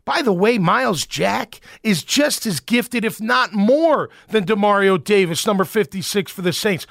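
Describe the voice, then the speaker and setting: A man's voice: high voice, expressive, normal speed, vocal fry, few pauses, fairly bright tone, dry recording, clean studio sound. A man hosting a sports talk show, giving fired-up, emphatic, rambling opinions.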